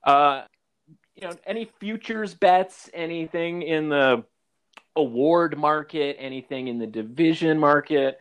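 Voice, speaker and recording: A man's voice: fairly high pitch, unhurried, a bit bright, clear, resonant tone. A man hosting a podcast interview, giving brief reactions and asking long, loose questions. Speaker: podcast host. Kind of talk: casual interview.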